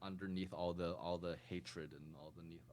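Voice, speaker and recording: A man with a fairly low voice co-hosting a podcast in casual chat. He rambles and circles back on himself, with plenty of fillers. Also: level tone, normal speed, darkish tone. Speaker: podcast co-host.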